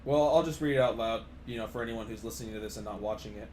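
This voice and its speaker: A young man hosting a casual gaming podcast, asking questions in a halting, hesitant way. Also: on the low side, a little mellow, a little hiss or hum. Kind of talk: casual chat.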